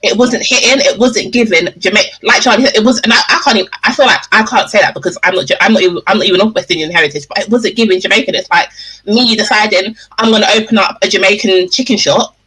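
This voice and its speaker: A woman's voice: medium pitch, fast, sharp tone, slightly rough, rough recording. A woman guest in a casual book discussion, talking bluntly and with animation.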